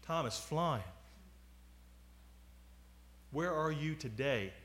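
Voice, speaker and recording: A man in his forties preaching a sermon, moving from loud appeals to quiet asides. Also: on the high side, very slow. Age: 40s.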